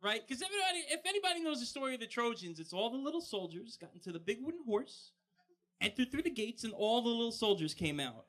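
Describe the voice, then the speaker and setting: A man doing a stand-up comedy set on a live bar stage, delivering punchy jokes with quick asides into a handheld mic. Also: extremely high pitch, big pitch swings, a bit bright.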